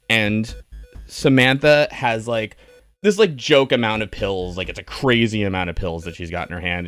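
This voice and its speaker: A man's voice: fairly low pitch, fairly bright tone. A man giving a casual, rambling movie review on a stream, sardonic and full of fillers and restarts.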